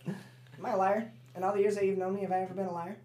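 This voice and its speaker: A man's voice: sits high, little pitch movement, rapid-fire, a crowd in the background. A man co-hosting a podcast, an eager, jokey storyteller. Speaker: podcast co-host. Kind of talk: casual chat.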